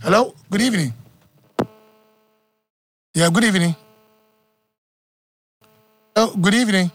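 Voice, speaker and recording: Ghanaian guy hosting sports radio, kinda high voice, dry close mic, super energetic. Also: unhurried, no room sound. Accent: Ghanaian English. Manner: energetic, repeats phone number, chatty. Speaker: radio sports show host. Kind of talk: live call-in radio banter.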